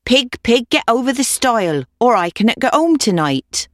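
A woman's voice: a little high, big pitch swings, moderate pace, no echo, studio quality, voice pushed up. A woman voicing an old woman who begs animals and things to help her get home, in a singsong, repetitive way. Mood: pleading. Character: fussy old woman stuck with a stubborn pig.

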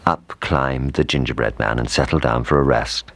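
A man reading a children's storybook aloud with expressive, lively intonation. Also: very deep voice, normal speed, no echo.

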